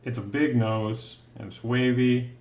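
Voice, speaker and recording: A man with a mid-range, slightly mellow, creaky voice speaks a little slowly with fairly even intonation. He teaches drawing step by step, talking through each stroke while he works and thinking aloud patiently and encouragingly; the recording has a roomy echo.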